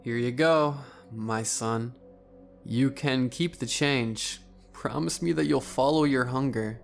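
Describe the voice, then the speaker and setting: A man doing a monstrous glutton in a creepy storybook tale, wheezing and snarling as he preaches appetite in a low, gravelly hush. The voice stays soft and fervent, like a sermon whispered over a feast, with faint music underneath. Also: slow pace. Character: gluttonous huge man preaching endless hunger.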